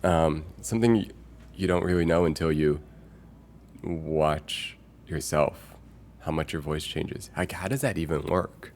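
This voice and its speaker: A man's voice: very deep voice, measured pace, darkish tone, slight background noise. A man live streaming in a casual chat with viewers. He rambles and thinks aloud with many fillers, reading out chat messages and greeting viewers as they arrive.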